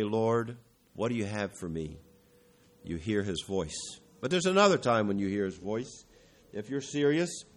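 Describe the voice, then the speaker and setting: A man preaching a sermon, building to emphatic, louder peaks and then dropping to low, quiet stretches, with self-corrections and occasional throat-clearing. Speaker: pastor.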